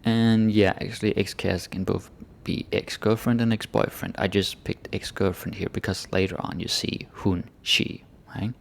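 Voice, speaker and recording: Male language teacher, gravelly low voice, laid-back explainer who slows down for the key phrases. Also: fairly even intonation. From Denmark. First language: Danish. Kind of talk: casual language lesson.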